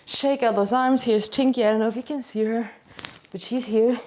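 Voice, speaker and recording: A woman's voice: on the high side, steady tone, moderate pace, darkish tone, slight background noise. A woman with as her leads a home dumbbell workout, a bit out of breath, chatty and self-deprecating, counting reps aloud. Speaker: fitness instructor. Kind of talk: casual workout instruction.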